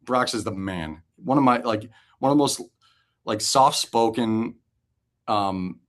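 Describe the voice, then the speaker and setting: Animated, cussing ex-ballplayer telling stories. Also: male voice, medium pitch, a little slow. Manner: animated, swears freely, laughs through anecdotes. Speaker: guest, former pitcher and pitching coach. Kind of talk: casual storytelling interview.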